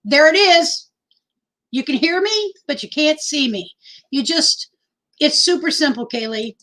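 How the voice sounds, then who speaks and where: A woman's voice: high voice, animated, a little slow, bright, forceful tone, rough recording. A middle-aged woman from Texas hosting a casual livestream, chatty and rambling as she reads out names from the chat into her phone. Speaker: livestream host.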